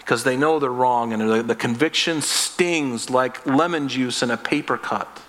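A man's voice: mid-range voice, moderate pace, fairly bright tone. A man preaching a sermon as pastor, earnest and conversational, acting out little voices as he tells the story. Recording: long reverb of a hall.

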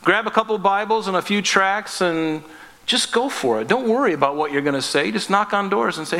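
A pastor with a bright, fairly high voice gives a relaxed, conversational sermon, slipping into quick acted-out dialogues and self-deprecating jokes. The recording has the long reverb of a church sanctuary.

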